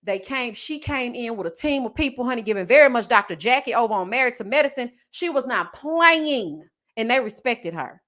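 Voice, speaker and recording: A woman's voice: a little high, expressive, a little fast, hardly any pauses, sharp tone. Sassy woman telling a story. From Houston, Texas. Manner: sassy, dramatic, acts out quoted voices. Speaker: commentary channel host. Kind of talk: storytelling chat.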